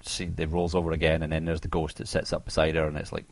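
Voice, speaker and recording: A man co-hosting a podcast, recounting horror film scenes with lively, swearing enthusiasm. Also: very deep voice, quick pace, vocal fry, slight background noise. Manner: animated retelling, swears freely. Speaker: podcast co-host. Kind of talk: casual horror film discussion.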